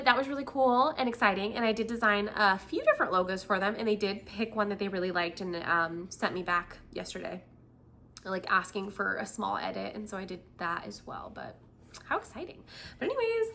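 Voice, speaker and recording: A woman's voice: medium pitch, vocal fry, pushed and bright, a little hiss or hum. Bubbly chatty woman vlogger. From United States. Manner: chatty, giggly, lots of fillers. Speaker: vlog host. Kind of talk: casual chat to viewers.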